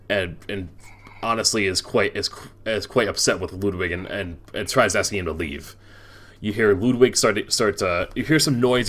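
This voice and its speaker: A man's voice: on the low side, fairly bright tone. A young man narrating a tabletop game as game master, rambling with many restarts and fillers.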